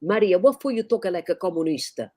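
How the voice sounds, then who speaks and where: A woman voicing a loud middle-aged Italian barber who talks in emphatic broken English. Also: low voice, completely flat delivery, brisk, no room sound, studio quality, lightly acted. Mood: chatty.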